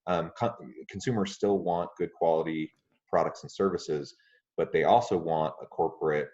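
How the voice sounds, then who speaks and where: A man hosting a podcast interview, speaking in a polite, measured way with frequent ums. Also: low voice, fairly even intonation, a little mellow. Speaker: podcast host. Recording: muffled lo-fi audio.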